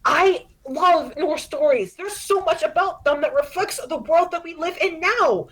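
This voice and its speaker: A woman's voice: very high voice, measured pace, fairly bright tone, voice pushed up, low-quality recording. A woman voicing an emotional teenage girl who pleads and gets defensive, as part of a tabletop role-play. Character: upset teenage girl obsessed with myths.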